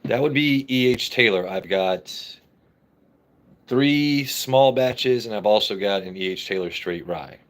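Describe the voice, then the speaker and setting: A man's voice: fairly low pitch, a little slow. A man hosting a casual live stream, reading comments aloud, joking brashly and swearing freely. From United States. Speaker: livestream host.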